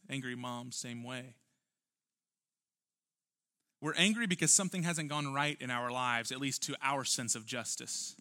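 Bright-voiced man preaching a sermon. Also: on the high side. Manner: earnest, emphatic preaching with rhetorical questions. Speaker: pastor.

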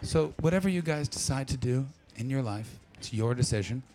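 A man's voice: mid-range voice, animated, moderate pace, a little mellow, a little hiss or hum. A man from Canada doing stand-up crowd work, brash and profane as he teases the audience. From Ottawa Valley, Canada. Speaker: stand-up comedian.

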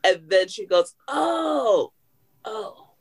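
Woman telling funny family stories, deadpan sarcasm, voice bouncing up and down a lot. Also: lowish voice, a little slow. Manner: dry, sarcastic storytelling. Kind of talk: casual chat.

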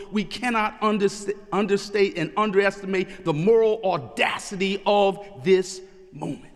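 A middle-aged man preaching a sermon in a measured preaching cadence that rises and slows for emphasis, recorded in a large church sanctuary. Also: sits high, in a large hall. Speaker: pastor.

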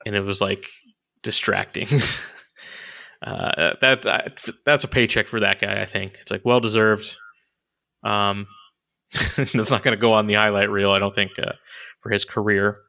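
A man casually rambles through movie opinions, his voice sitting a little low yet bright and forceful in tone. He leans on fillers and restarts as he thinks aloud, in easy conversation with a co-host. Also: fairly even intonation, a little slow, gravelly, long pauses. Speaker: podcast co-host reviewing movies. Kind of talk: casual chat.

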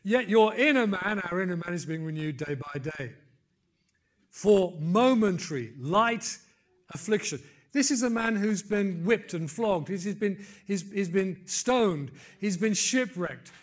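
A man's voice: lively intonation, normal speed, few pauses. Older man preaching with rising fervor. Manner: builds to loud emphatic peaks, then drops low and soft; conversational asides and gentle humor. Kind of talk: sermon.

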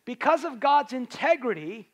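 A man's voice: very high-pitched, sing-song, normal speed. A man preaching a sermon in a conversational way, rising to emphatic peaks.

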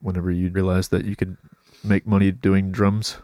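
A man's voice: deep voice, flat delivery, normal speed, dark tone, no echo, clean studio sound. A young man hosting a casual chat, with a congested, nasal voice, easygoing and asking long, meandering questions. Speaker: podcast host.

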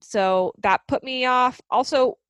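A woman's voice: high-pitched, takes it slowly, fairly bright tone, clean tone, no room sound, muffled recording. Opinionated woman podcaster, dry sound. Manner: opinionated, laughing often, lists points. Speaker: podcast co-host. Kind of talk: casual chat reviewing a show.

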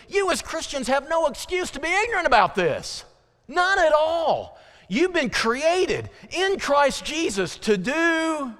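A man's voice: high voice, a bit bright. A male pastor preaching a sermon to his congregation, emphatic and repetitive on key phrases, with folksy asides and direct questions to the listeners. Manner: emphatic, repeats key phrases, slows down for stress. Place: church sanctuary. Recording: long reverb from a church hall.

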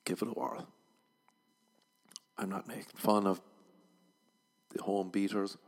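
Gravelly man rambling comic monologue. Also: sits low, unhurried. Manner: rambling, deadpan, jumps into loud mock voices. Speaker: podcast host.

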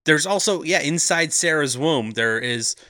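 A man's voice: fairly high pitch, lively intonation, unhurried, sharp tone, no echo. A man co-hosting a casual comedic film podcast, recapping the plot with wry jokes into a close mic.

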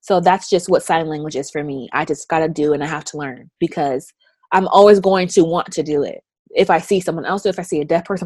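A young woman with a somewhat low voice talks casually, bringing her stories to life by acting out other people's lines with big leaps in pitch. The sound is dry and close, with no room around her. She speaks like someone being interviewed in a relaxed conversation. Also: normal speed, no room sound. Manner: animated storyteller who acts out quotes with big pitch jumps.

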